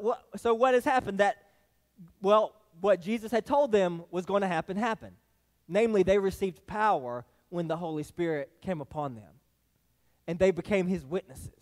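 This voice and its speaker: A man's voice: high-pitched, long reverb tail. A male pastor with a Southern US accent preaching a folksy sermon, often restarting phrases and asking "all right?". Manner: folksy, many restarts and tag questions. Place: church sanctuary.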